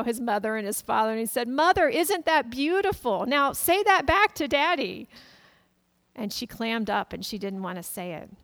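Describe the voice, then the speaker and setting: Woman pastor, slightly high voice, gentle storytelling sermon. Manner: gentle storytelling, quoting family members softly.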